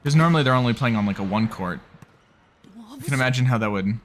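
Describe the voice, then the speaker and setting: A man's voice: mid-range voice, fast talker, fairly bright tone, a little hiss or hum. Earnest man gushing in a reaction video. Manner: earnest, gushing, tends to ramble. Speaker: anime reaction host. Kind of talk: casual reaction commentary.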